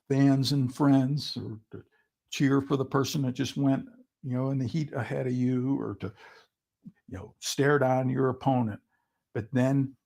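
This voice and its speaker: Man, swim coach, online seminar presenter, husky tone, halting delivery with many ums. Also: mid-range voice, darkish tone. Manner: halting, with frequent ums and restarts. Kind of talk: online seminar talk with slides.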